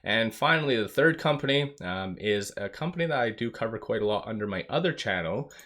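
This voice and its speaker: A man's voice: fairly low pitch, expressive, brisk, fairly bright tone. A man talking through stock market data and short-selling figures in a casual commentary, reading out numbers steadily with some filler words.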